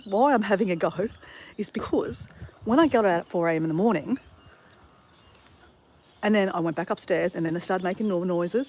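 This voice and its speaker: A woman's voice: medium pitch, a little mellow, a little hiss or hum. Woman vlogger, exasperated, swears freely, laughs at herself, phone mic outdoors, faint backyard ambience. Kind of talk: casual vlog chat.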